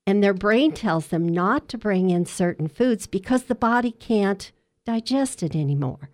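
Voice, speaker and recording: A woman working as a hospice dietitian, telling a patient's story in an interview with earnest, measured storytelling. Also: medium pitch, dark tone.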